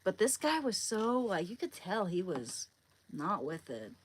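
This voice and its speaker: A woman's voice: mid-range voice, very animated, measured pace, background noise. Rambling woman chatting on a live stream. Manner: rambling, hesitant, searching for words. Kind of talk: casual live-stream chat.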